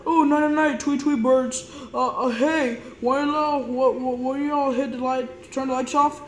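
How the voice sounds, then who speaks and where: A woman improvising a toy play story, stammering and repeating words as she jumps between excited squeals and soft, sleepy lines. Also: high-pitched, unhurried, reverberant, slight background noise, poor audio.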